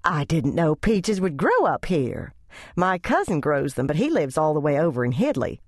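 A woman voicing a skinny, fussy older church lady who speaks in high, fluttery exclamations. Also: big pitch swings, moderate pace, a little mellow, dry recording, studio quality. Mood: astonished.

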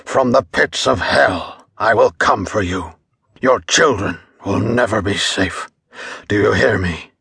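A condemned man screams vengeance from the flames, as an audiobook narrator puts him on. His voice sounds strained and unlike his usual timbre, with a low, husky, dry edge. The delivery is drawn out and menacing, storybook horror. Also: slow, sharp tone, dry recording, exaggerated voice. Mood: vengeful cursing. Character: man being burned, cursing the village from the gallows.

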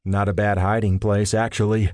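A wisecracking young male agent trades jokes in a light, playful way, as a narrator puts him on. The sound is close and dry, a touch low. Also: flat delivery, normal speed, a little mellow, no room sound, natural voice. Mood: joking. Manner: playful, joking. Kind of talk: audiobook character voice.

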